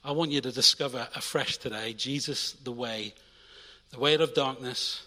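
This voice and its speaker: A young adult man preaching a sermon in a church, energetic, swinging between loud urging and quiet intimate asides. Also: medium pitch, normal speed, long reverb tail. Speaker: pastor.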